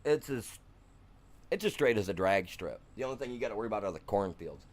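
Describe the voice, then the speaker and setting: A middle-aged man from Michigan, live-streaming a farming game and telling a long, animated story in casual, slangy chat. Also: on the low side, fast.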